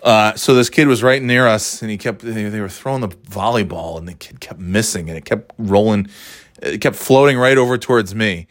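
A man's voice: lowish voice, normal speed, no echo, studio quality. A middle-aged man telling a story in a casual monologue, swearing often in a sardonic, ranting way.

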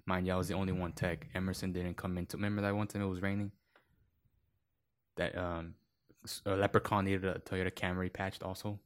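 A man's voice: sits low, flat delivery, fairly quick. A man telling long work stories in casual chat, rambling with many fillers and acting out quoted voices. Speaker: podcast guest.

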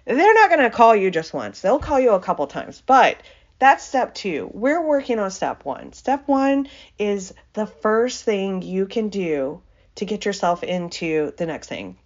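A woman's voice: medium pitch, big pitch swings, measured pace, muffled recording. A woman hosting a motivational podcast in a chatty way. She laughs often and keeps asking "right?". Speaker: podcast host.

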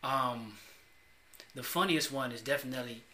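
A man co-hosting a podcast in casual chat, animated and slangy, often saying "bro". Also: medium pitch, normal speed. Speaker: podcast co-host. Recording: roomy echo.

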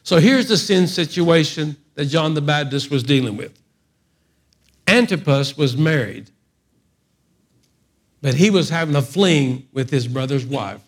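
A male preacher telling a story in a lively, animated sermon, with frequent humorous asides. His voice sits fairly high for a man. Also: unhurried, pauses often, husky.

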